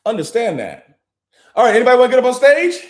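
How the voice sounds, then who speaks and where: In a reverberant recording, a man with a very high-pitched voice talks fast, his pitch swooping wildly. Hosting a live online session, he gives a brash motivational talk, blunt, boastful and profane, swearing often amid bursts of laughter and shouting.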